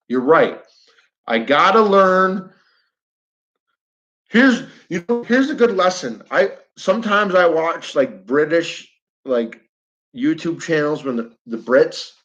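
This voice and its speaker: A man's voice: fairly high pitch, low-quality recording. Blunt, fired-up New York man. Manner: blunt, animated, repeats himself, talks to chat viewers. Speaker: flat earth livestreamer. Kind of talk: fired-up livestream rant.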